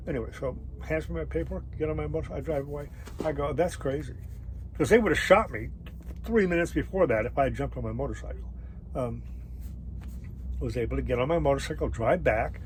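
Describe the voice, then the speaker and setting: Man rambling thru a travel story, lotsa ums and restarts, a bit high pitched. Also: a little hiss or hum, rough recording. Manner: rambling, halting, many fillers and restarts. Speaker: travel vlogger. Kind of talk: casual storytelling.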